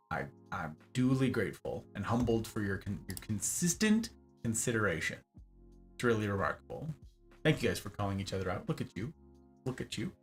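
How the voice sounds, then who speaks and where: A hoarse male streamer rambles through a casual end-of-stream chat, his voice rising and falling over a wide, lively range as he plays with words. Faint music runs behind him. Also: lowish voice. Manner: rambling, playful wordplay, grateful. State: hoarse from talking.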